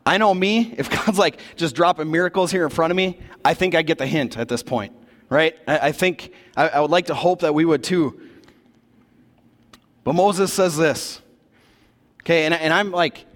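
A man preaching a sermon in a church, retelling a scripture story in a casual, animated way with slangy asides. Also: fairly high pitch. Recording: long reverb of a large hall.

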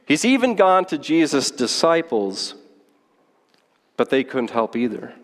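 A pastor preaching a sermon, teaching through a Bible passage in a conversational way and checking in with the listeners. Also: male voice, mid-range voice. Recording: long hall reverb.

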